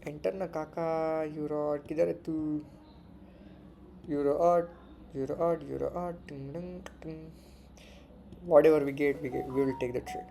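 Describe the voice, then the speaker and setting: Mellow-voiced man muttering over trades. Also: fairly high pitch, fairly even intonation, moderate pace, creaky, long pauses, slight background noise. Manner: mutters and repeats words to himself, swears freely. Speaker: forex trader streaming live. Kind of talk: casual live trading commentary.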